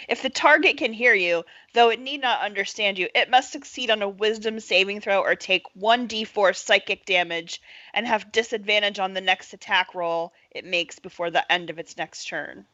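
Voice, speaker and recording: Woman player, bright crisp voice, dry deadpan jokes, lo-fi stream sound. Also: mid-range voice, no room sound. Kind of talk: tabletop game play, reading rules aloud.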